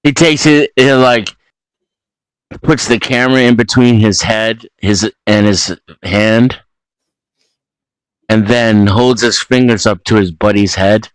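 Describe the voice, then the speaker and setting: A man's voice: lowish voice, steady tone, takes it slowly, pauses often, clean tone, no echo, poor audio. A man making dry, jokey remarks in a casual group voice chat.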